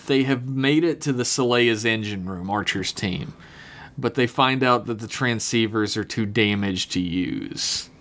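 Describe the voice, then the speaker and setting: A man co-hosting a podcast, casually recapping a TV episode, swearing freely and slipping into quick silly impressions. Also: mid-range voice, fairly bright tone. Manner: laid-back, swears often, slips into quick silly impressions. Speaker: podcast co-host.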